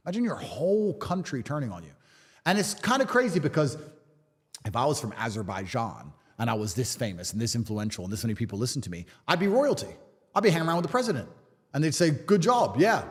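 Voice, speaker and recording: A man's voice: medium pitch, very animated, fast talker. Guy on a podcast, keeps hammering the same line, voice rises and falls a lot, long reverb. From England. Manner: emphatic, repetitive rhetorical speech. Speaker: interview guest. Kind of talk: podcast conversation.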